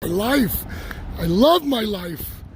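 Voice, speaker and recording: A man live-streaming as he walks a city street, talking loudly and excitably, laughing and swearing often. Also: high voice, slow. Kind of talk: casual live-stream vlog. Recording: noisy street with passing traffic. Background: traffic noise.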